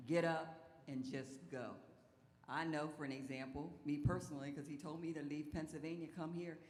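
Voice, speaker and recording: A woman pastor preaching a sermon in an animated storytelling way, her voice rising into exclamations. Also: low voice, normal speed. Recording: echoey hall with long reverb.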